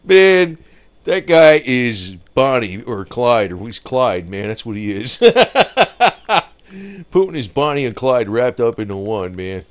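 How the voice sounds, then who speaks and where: Male, mid-pitched, rambling off-the-cuff market commentator who laughs at his own jokes. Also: expressive, unhurried, clean tone.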